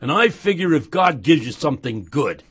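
A man voicing a friendly homeless man who offers a stranger his coffee, with a raspy, offhand manner. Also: on the high side, sing-song, normal speed, a bit bright, full character voice. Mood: cheerful. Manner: cheerful, generous, offhand.

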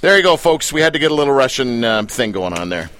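A man hosting a radio talk show, teasing his guest with playful, deadpan jabs. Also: medium pitch, fast.

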